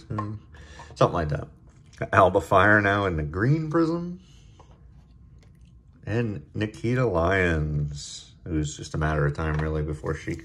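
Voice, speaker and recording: A man hosting a casual card-opening video, chatting in a relaxed way and getting excited over good pulls. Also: low voice. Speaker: card-opening channel host.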